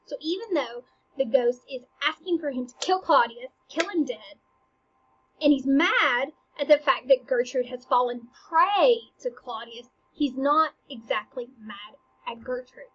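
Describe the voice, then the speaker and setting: A high-voiced woman talks through a play like a friendly teacher, chatty and slangy, with plenty of ums. Her voice is soft and breathy, and the lo-fi recording sounds a little dull and muffled. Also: unhurried. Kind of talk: casual explanation of a play.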